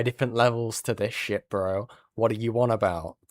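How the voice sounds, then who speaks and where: Streamer dude, kinda low voice, swears a lot, dry sound. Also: male voice, steady tone, moderate pace, few pauses, no echo. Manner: swearing, exasperated, laughing asides. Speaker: streamer host. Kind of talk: casual livestream commentary.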